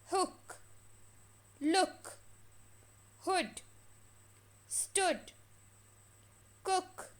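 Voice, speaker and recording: A woman teaching a phonics lesson to children, stretching and repeating each word slowly for practice. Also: high-pitched. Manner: slow, drawn-out words repeated for practice.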